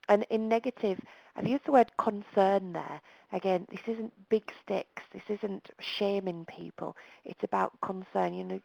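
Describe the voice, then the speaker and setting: A woman's voice: medium pitch, moderate pace, gravelly, darkish tone, breathy edge, no echo, poor audio. A woman presenting a webinar over the telephone, talking in a direct, plain-spoken and emphatic way. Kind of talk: live webinar talk.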